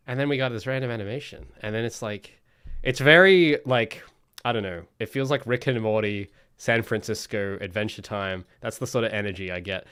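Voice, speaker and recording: Young male streamer, ranty and self-interrupting, mid-pitched, dead-dry mic. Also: smooth, dry recording. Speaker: solo game developer streaming. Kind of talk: casual livestream chat.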